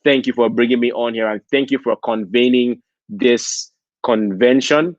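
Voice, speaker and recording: A man from Nigeria gives a motivational talk at a convention in a preachy style, asking "okay?" again and again as he makes his points. His mid-range voice moves at a moderate pace, captured in a dry recording that sounds dull and lo-fi.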